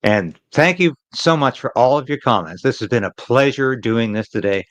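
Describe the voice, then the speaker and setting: A man's voice: mid-range voice, lively intonation, moderate pace, no echo, poor audio. Emphatic man hosting live political commentary. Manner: emphatic, repetitive, opinionated.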